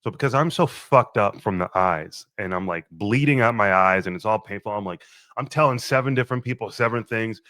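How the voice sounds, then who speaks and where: Young male podcaster with a lowish voice, animated and profane storyteller, dry close recording. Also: brisk, no echo. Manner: animated, profane, acts out his own quoted lines. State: a little thirsty, just woke up. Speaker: podcast host. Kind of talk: casual storytelling monologue.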